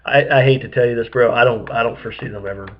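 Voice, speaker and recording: A man's voice: mid-range voice, rapid-fire. A man co-hosting a podcast, laid-back and wry, hesitant as he talks. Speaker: podcast co-host. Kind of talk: casual podcast chat. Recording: dull lo-fi sound.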